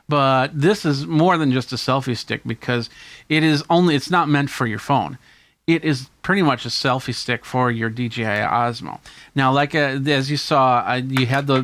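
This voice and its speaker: A man's voice: mid-range voice, vocal fry, fairly bright tone, no echo. A man with a mid-range voice hosts a tech video, walking through his camera gear in an easygoing, enthusiastic show-and-tell. The sound is dry and close. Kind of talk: hands-on gear demonstration.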